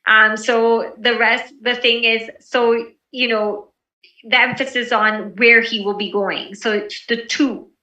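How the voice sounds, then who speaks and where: A woman leads an online presentation skills class in a relaxed, encouraging way, often pausing on fillers. Her voice is bright and sits a little high. She sounds a bit distant from the mic in an echoey room. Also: lo-fi sound.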